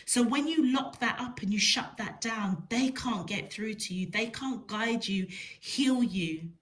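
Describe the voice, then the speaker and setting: Slow, emphatic woman tarot reader. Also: on the high side, fairly bright tone. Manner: slow, emphatic, repeats words for stress. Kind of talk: spiritual tarot reading to camera.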